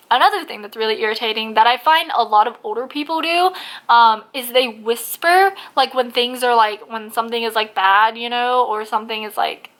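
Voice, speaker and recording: Woman, casual ranting vlog, blunt, profane, filler-heavy, losing her voice, slightly high pitch. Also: fairly bright tone. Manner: blunt, swears a lot, heavy use of "like". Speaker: vlogger.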